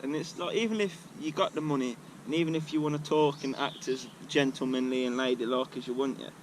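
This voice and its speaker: A man's voice: mid-range voice, fairly even intonation, fairly quick, slight background noise, rough recording. A man talking to camera outdoors, rambling in a casual, slangy, heavily sweary way. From England. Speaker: vlogger. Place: outdoors at a regular filming spot.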